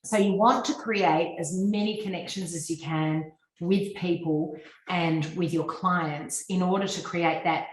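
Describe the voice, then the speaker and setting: A woman's voice: deep voice, echoey room, rough recording. An Australian woman giving a fluent, instructive business talk over a video call, with frequent ums. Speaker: guest speaker on personal branding. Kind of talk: presentation to a business audience.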